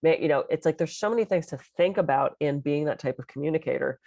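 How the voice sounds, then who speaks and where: A middle-aged woman co-hosting a podcast in casual chat, an animated and expressive storyteller. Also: sits low, fast, no room sound. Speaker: podcast co-host.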